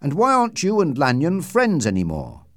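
A man voicing a worried, loyal gentleman who speaks earnestly to his friends in a storybook reading. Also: fairly high pitch, wildly swooping pitch, normal speed, no room sound, studio quality, pitched above the performer's own voice.

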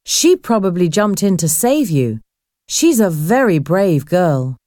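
A woman as a calm, kindly ship's nurse. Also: on the low side, measured pace, no echo, studio quality.

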